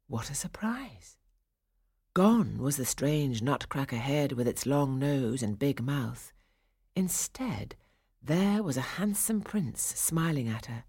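A woman narrating a children's storybook, hushed in quiet passages and rising for the dramatic ones. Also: extremely low pitch, husky, no room sound, studio quality. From England. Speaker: audiobook narrator.

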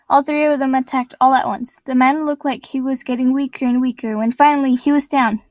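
A woman's voice: high-pitched, steady tone, brisk, few pauses, a little mellow, no echo. A woman reading her own adventure story aloud in a plain, earnest storytelling voice.

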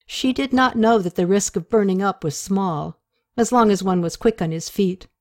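A woman narrating an audiobook chapter with steady, expressive storytelling. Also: medium pitch, normal speed.

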